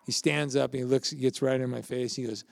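A man's voice: mid-range voice, fairly even intonation, brisk, creaky, dry recording. An older man, a pastor, giving a conversational sermon with family anecdotes and questions to the congregation.

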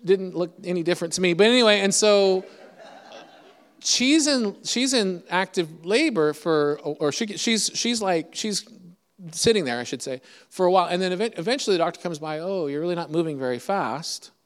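A middle-aged preacher spins a personal story with a chatty, self-deprecating humor, his voice sitting a bit high for a man. The sound rings with a long hall reverb. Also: expressive, normal speed. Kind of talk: storytelling sermon.

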